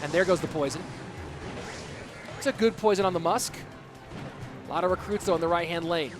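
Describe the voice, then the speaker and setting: High-voiced man casting a game over music. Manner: quick, chatty, jokes with the audience. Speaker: esports caster. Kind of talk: live play-by-play commentary.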